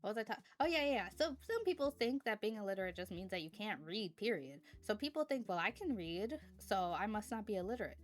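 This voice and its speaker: A woman's voice: medium pitch, big pitch swings, quick pace, few pauses. A woman streamer in casual chat, rambling from topic to topic and thanking her chat viewers.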